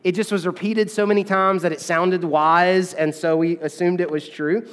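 A man's voice: high-pitched, steady tone, normal speed, fairly bright tone, in a large hall. A man preaching a sermon as pastor, in a conversational, chatty way, often checking in with the congregation. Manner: conversational, with frequent "okay?" and fillers.

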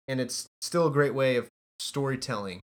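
A man's voice: medium pitch, normal speed. A man hosting a film podcast, chatting casually and enthusiastically with friends. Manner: enthusiastic, asks questions. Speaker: podcast host. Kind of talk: casual chat.

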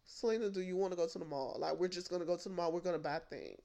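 Woman voicing a breezy young female cousin, low and quiet, casually asking about the mall. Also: rapid-fire, vocal fry.

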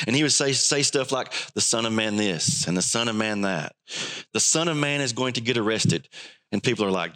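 Animated, bright-voiced male preacher. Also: mid-range voice, a little fast. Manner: animated, acts out quoted voices. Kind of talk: sermon teaching.

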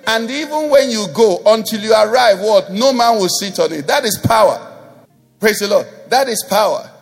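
High, gravelly pastor preaching. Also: male voice, animated, moderate pace. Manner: emphatic, call-and-response preaching. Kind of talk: sermon.

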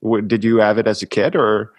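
A man's voice: lowish voice, steady tone, brisk, no room sound. A man hosting a podcast interview, asking questions in a friendly way and chiming in often with short affirmations. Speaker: podcast host. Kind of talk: casual interview conversation.

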